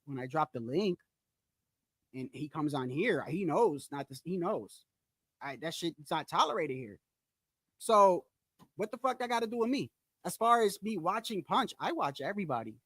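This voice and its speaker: A man with a fairly high, animated voice, a fairly bright tone and a breathy edge talks at normal speed on a dry recording. He hosts a boxing channel, ranting casually and bluntly, swearing and repeating points to hammer them home. He talks right to his viewers, frequently saying "bro".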